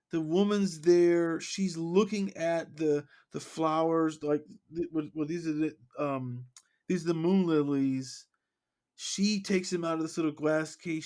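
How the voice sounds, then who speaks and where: A man's voice: on the high side, a little mellow. A man co-hosting a comics podcast, retelling a story in a rambling, casual way full of "like" and "you know". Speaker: podcast co-host. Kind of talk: casual chat.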